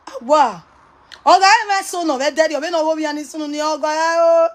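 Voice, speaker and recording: A Nigerian woman talks straight to her viewers in a high voice, mocking and scolding as she goes. She breaks into laughter often. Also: a little fast. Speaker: online commentator. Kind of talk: casual rant to viewers.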